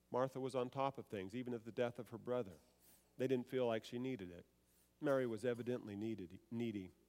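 A man's voice: mid-range voice, darkish tone, in a large hall. A man preaching a sermon, reading scripture aloud, then explaining it and putting rhetorical questions to his listeners.

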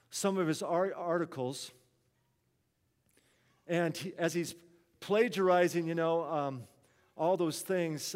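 A man's voice: fairly high pitch, in a large hall. A man preaching a sermon, telling a story in an earnest, conversational way.

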